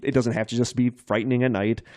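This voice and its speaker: A man's voice: medium pitch, little pitch movement, quick pace, darkish tone, no echo, studio quality. A man co-hosting a podcast in casual chat, retelling scenes in eager detail. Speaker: podcast co-host.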